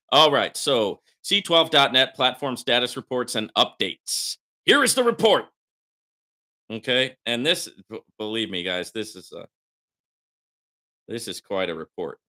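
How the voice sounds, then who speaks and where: A male livestream host talks in a bright, sharp, forceful voice, swinging widely in pitch as he reads out a report. He mocks it in a sarcastic, animated way, with sudden jumps in loudness. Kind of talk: live-stream commentary reading out a report.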